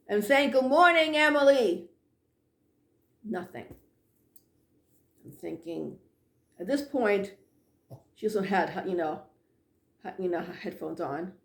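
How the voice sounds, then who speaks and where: Animated woman telling a ghost story. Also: mid-range voice, reverberant. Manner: animated, drops to hushed tones.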